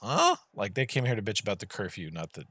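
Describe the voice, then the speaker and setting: A man's voice: on the low side, fast, fairly bright tone, dry recording. A man acting as game master, casually narrating scenes and rulings to players in an online tabletop game. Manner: casual, descriptive scene-setting with fillers.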